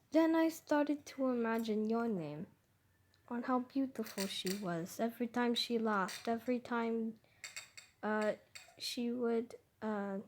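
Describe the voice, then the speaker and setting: A woman narrates her own fan story in an unhurried, casual way. Her voice sits on the higher side, and she often restarts sentences and drifts into self-conscious asides. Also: slight background noise.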